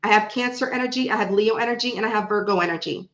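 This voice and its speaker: A woman's voice: medium pitch, fast talker, a bit bright, roomy sound, low-quality recording. A woman doing a casual tarot reading to the camera, thinking aloud and repeating her phrases as she pulls cards. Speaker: tarot reader.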